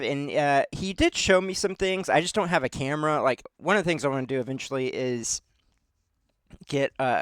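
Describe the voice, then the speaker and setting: A man's voice: medium pitch, a bit bright, clear, resonant tone, no echo, clean studio sound. Rambling, self-deprecating podcast host man. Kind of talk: casual chat.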